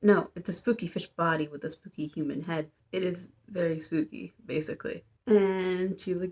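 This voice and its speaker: A woman's voice: fairly low pitch, steady tone, normal speed, few pauses, darkish tone. A young adult woman giving a casual, rambling plot recap, full of fillers and little asides. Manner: rambling, filler-heavy, amused. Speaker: YouTuber.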